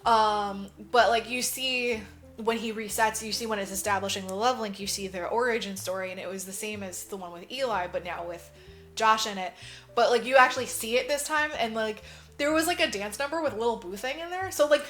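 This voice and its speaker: Podcast co-host, woman, lively film recap, acts out characters, slightly high voice. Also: a little fast, faint music behind. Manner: animated retelling, acts out characters, swears freely. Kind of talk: casual movie recap chat.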